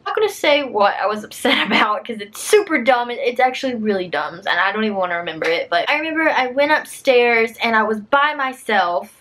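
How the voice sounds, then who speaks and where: A woman's voice: on the high side, a bit bright. A woman in her twenties telling a casual storytime vlog, chatty, saying "like" a lot and laughing often. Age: 20s.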